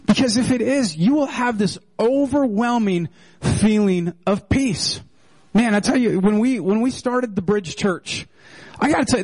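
A middle-aged male pastor preaching a sermon in an animated, joking manner. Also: no room sound, rough recording. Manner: animated and joking, with wide swings in pitch.

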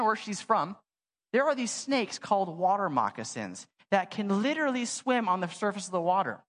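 A young adult man preaching a sermon in a church. He tells stories casually and with animation, using lots of "like," and his voice has a long church reverb. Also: high voice. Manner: casual, animated storytelling with many "like" fillers. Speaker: pastor. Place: church sanctuary.

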